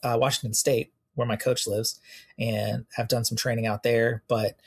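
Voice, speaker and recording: A young American man, a police officer and interview guest, telling animated stories and acting out the exchanges he quotes. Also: mid-range voice, moderate pace. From United States. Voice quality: gravelly, husky voice. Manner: animated storyteller who acts out quoted exchanges. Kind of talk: casual storytelling in an interview.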